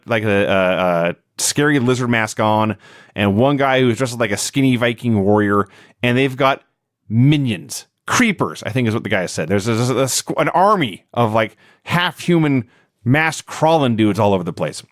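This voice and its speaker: A man's voice: normal speed, dry recording, clean studio sound. A man co-hosting a podcast, giving a wry, laughing recap of a wrestling show in casual chat. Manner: wry, laughing recap with lively swings in pitch.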